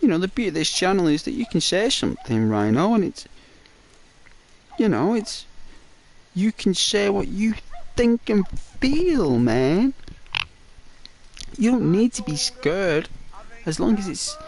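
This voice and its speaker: A man streaming a game and chatting with his viewers in a loose, teasing way. He talks slowly and drifts through plenty of fillers, playful and unhurried. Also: sits high, big pitch swings, darkish tone, slight background noise. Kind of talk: casual chat with live viewers.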